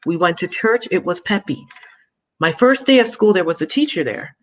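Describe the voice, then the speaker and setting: A woman from Jamaica telling her personal story as a guest in an interview, halting and reflective, often restarting and repeating words. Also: lowish voice, animated, a little hiss or hum.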